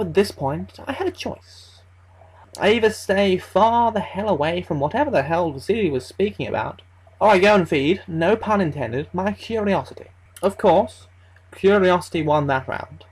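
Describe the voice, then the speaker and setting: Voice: medium pitch, breathy edge, poor audio. A narrator telling a first-person horror story in a casual, conversational way, swearing freely as they go. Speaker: creepypasta narrator.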